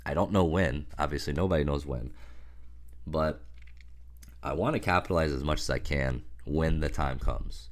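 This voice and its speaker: A man's voice: extremely low pitch, normal speed. A man with a sick voice, casually talking through his stock portfolio in a loose, rambling vlog with many fillers. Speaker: stock investing vlogger. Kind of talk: casual portfolio update to camera.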